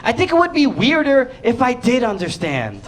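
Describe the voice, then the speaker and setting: A man's voice: very high-pitched, wildly swooping pitch, moderate pace, background noise. A young man performing a stand-up set in a comedy club, chatty and laughing at his own jokes while acting out voices.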